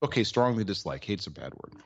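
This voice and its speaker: In casual sports talk, a man co-hosting a podcast spins a wry, rambling sports tale full of fillers. His lowish voice is lively, brisk, and fairly bright in tone, though the sound is lo-fi.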